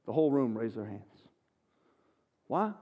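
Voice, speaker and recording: A man preaching a sermon, an animated, self-deprecating storyteller. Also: medium pitch, measured pace, narrow, tinny audio. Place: church sanctuary. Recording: long church hall reverb.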